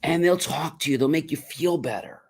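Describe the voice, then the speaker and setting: A man's voice: on the high side, moderate pace, a little mellow, slightly rough. A middle-aged man hosting a motivational livestream, talking casually and acting out both sides of imagined phone calls. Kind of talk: casual spoken advice monologue.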